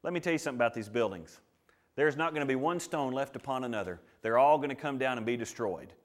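A middle-aged man preaching a sermon, swinging from loud bursts to hushed asides and acting out the quotes he tells. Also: medium pitch, lively intonation, fast.

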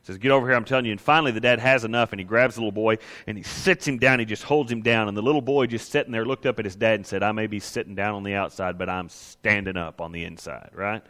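Bright-voiced preacher in a reverberant hall. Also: male voice, on the low side, fast, hardly any pauses. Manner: conversational preaching, acts out quoted grumblers. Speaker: pastor. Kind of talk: sermon.

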